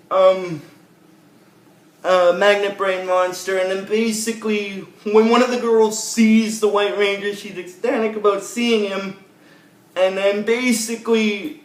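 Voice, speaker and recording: A young man casually recapping a TV episode for his video channel, rambling with lots of fillers and repeated sign-offs. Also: high voice. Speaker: video host. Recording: roomy echo.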